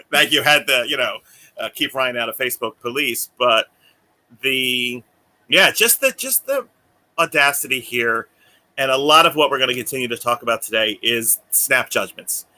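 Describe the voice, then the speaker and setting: A man's voice: medium pitch, fairly even intonation, moderate pace, pushed and bright. A man co-hosting a podcast in casual chat, rambling and often laughing as he acts out the voices of the people he quotes. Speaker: podcast co-host.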